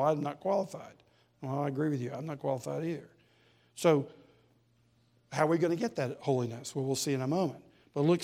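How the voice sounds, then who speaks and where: A male pastor preaching a sermon in a church, emphatic and building to loud peaks. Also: a little high.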